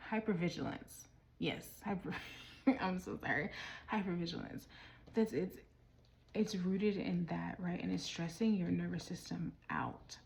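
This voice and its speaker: A tarot reader with a fairly low, darkish voice and some vocal fry gives a casual reading while out of breath. She rambles, restarts her sentences, trails off mid-thought, and sometimes drops to a whisper.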